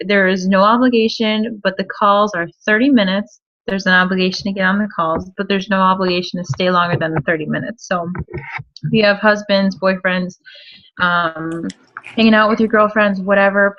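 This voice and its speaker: A woman's voice: medium pitch, steady tone, normal speed. Woman, team co-leader, frank, chatty, lo-fi dull audio. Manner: frank, chatty, many fillers. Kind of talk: casual team call briefing.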